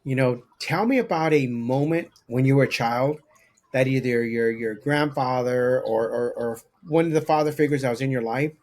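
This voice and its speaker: A man hosting a podcast, asking interview questions in a slow, reflective way. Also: mid-range voice, a little mellow. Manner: reflective, slow, searching phrasing. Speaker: podcast host.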